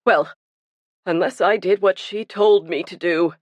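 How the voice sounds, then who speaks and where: A woman's voice: lowish voice, a little slow, a little mellow, dry recording, lo-fi sound, natural voice. A woman reading the part of a guilt-ridden, burly male pastor who confesses earnestly and pleads for himself. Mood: pleading.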